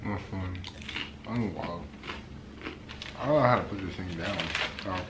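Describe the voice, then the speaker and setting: A man's voice: low-pitched, unhurried, echoey room, noisy background. A young man chatting casually on a family vlog, hesitant with many fillers. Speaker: vlogger's husband. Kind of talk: casual chat.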